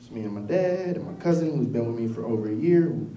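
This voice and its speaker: A man doing a stand-up comedy set, telling stories in a profane, animated way. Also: medium pitch, fast talker, heavy background noise. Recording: echoey room, distant mic.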